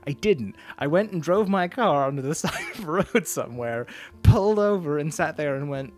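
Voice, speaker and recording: A man's voice: a little high, animated, moderate pace, a little mellow, soft background music. A young man casually talking over his old videos, self-mocking and laughing often as he chats. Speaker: YouTuber.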